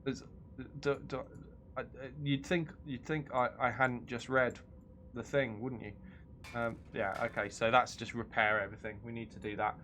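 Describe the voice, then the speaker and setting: Brief: British male streamer, giggly, self-mocking game commentary, steady middle pitch. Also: normal speed, a little hiss or hum. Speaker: streamer host. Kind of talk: gameplay commentary.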